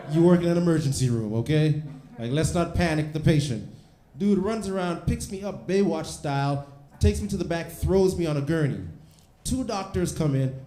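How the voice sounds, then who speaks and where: Brash stand-up comic in an echoey theater. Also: male voice, a little high, mellow. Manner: brash, punchy storytelling with acted-out dialogue. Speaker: stand-up comedian. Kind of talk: stand-up comedy set. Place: comedy theater stage. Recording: echoey theater room, faint noise. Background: audience laughter.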